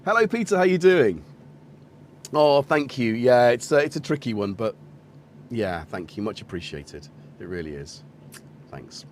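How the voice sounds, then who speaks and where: A man's voice: medium pitch, very animated, unhurried, long pauses, slight background noise. A man hosting a casual live stream, chatting loosely and greeting viewers while demonstrating a synth module. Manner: rambling, chatty, self-correcting, greets viewers. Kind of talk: casual live-stream chat and product demo.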